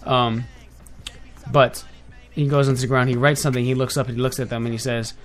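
A man's voice: medium pitch, fairly even intonation, moderate pace, soft background music. A young man hosting a casual online radio show. He talks off the cuff to his listeners, rambling and often correcting himself along the way. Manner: rambling, with frequent self-corrections and filler; chatty and direct with listeners. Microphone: headphones with a desk mic.

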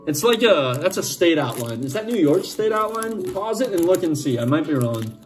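Male host, Boston accent, slightly high voice, casual jokey pack-opening commentary. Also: big pitch swings, normal speed, faint music behind. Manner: chatty, joking, talks to viewers as folks. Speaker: sports card channel host.

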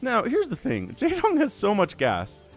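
With huge pitch swings in a very high-pitched voice, a man talks a little slowly as he casts a strategy video game alone. As a game shoutcaster, his casual commentary is chatty and laced with joking asides. Soft music plays in the background.

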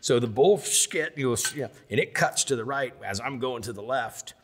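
A middle-aged man telling lively stories in a sit-down interview, acting out the voices of the people in them. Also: mid-range voice, moderate pace, slight background noise. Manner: animated storyteller, acts out voices of others. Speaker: interview guest.

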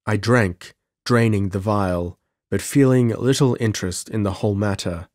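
A man reading an audiobook as narrator in a measured, steady scripted narration, recorded on a close mic. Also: on the low side, no room sound.

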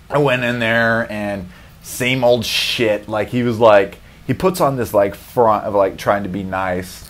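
A man's voice: lowish voice, unhurried. Profane rambling man on a comedy podcast. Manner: profane, rambling, laughs often. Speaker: podcast host. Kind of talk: casual comedic rant.

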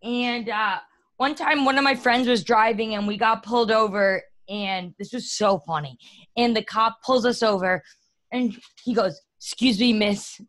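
A woman's voice: on the high side, measured pace. A young woman hosting a casual chat, telling stories and acting out quotes. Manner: animated storyteller, acts out quotes. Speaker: host.

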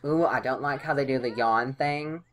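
A woman's voice: extremely low pitch, moderate pace. A woman casually commenting on a life-simulation game she is playing, chatty and playful, sometimes voicing her characters' lines. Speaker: let's play host.

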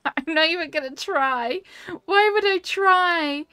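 Her voice is very high, bright and forceful, and she takes it slowly with frequent pauses while playing a cozy building game on stream. Easily delighted, she gushes about viewers' builds and reads chat aloud in casual talk, recorded in studio quality with no room sound.

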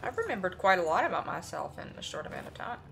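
A woman's voice: on the low side, sing-song, quick pace, gravelly, fairly bright tone, slight background noise. A woman streaming a horror game live, reading notes aloud and reacting with sudden exclamations.

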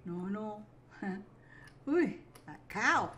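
Her mid-range voice lively in intonation and a bit bright, a gaming video maker narrates very slowly amid a slight hiss or hum. It's casual let's play talk, with her speaking to herself and apologizing through small giggles.

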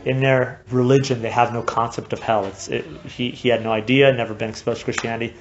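A man's voice: medium pitch, level tone, fast. Impassioned preacher, man, lo-fi recording. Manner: impassioned, swings from hushed to shouting. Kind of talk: sermon. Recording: dull lo-fi recording with faint noise.

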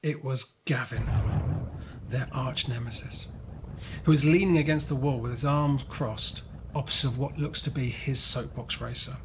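A man narrating a children's storybook in a lively, expressive way. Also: mid-range voice, moderate pace, noisy background.

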